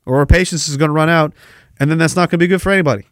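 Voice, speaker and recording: A young adult man hosting a casual livestream, blunt and combative, and he swears freely. His voice sits a little high for a man. The sound is close and dry, with no room around it. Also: steady tone, very fast, no room sound. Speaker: podcast host reading chat.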